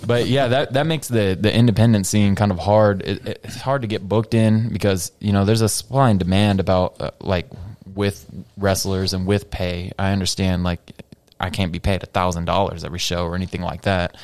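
Gravelly low-voiced man, halting chat. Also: steady tone, a little mellow, no echo. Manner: halting, restarts often, laughs easily. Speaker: podcast guest, independent wrestler. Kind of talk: casual podcast chat.

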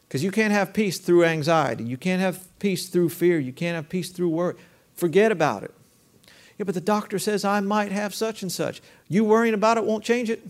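Male pastor, high-pitched, conversational sermon with call-and-response. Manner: conversational preaching with rhetorical questions and call-and-response.

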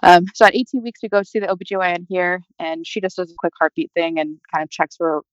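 Fast-talking young woman telling her story. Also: on the low side, steady tone, no echo. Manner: chatty, many fillers like "like" and "you know". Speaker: interview guest. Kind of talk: personal storytelling. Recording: dull, dry lo-fi audio.

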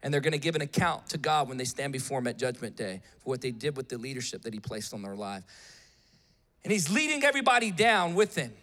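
A male preacher giving an impassioned sermon, swinging between shouted appeals and hushed storytelling. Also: mid-range voice, big pitch swings, quick pace, in a large hall.

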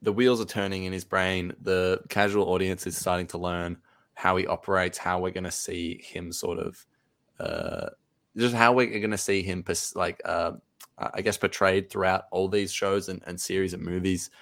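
A man's voice: deep voice, lively intonation, moderate pace, creaky, fairly bright tone. A man co-hosting a podcast in casual chat, rambling and laughing easily. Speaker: podcast co-host.

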